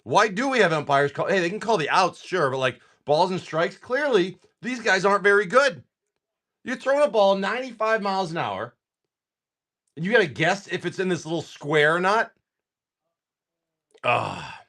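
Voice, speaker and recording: A man's voice: sits high, expressive, normal speed, bright, forceful tone. A man hosting a live card-selling stream, chatting casually and telling a rambling, joking story. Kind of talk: casual chat.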